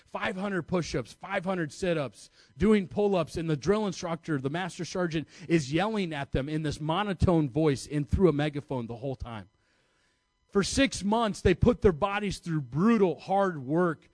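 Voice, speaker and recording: An American man from the United States preaches to an audience, telling a story in a chatty, self-mocking style and laughing at himself. His voice sits a little high, and the recording is dry.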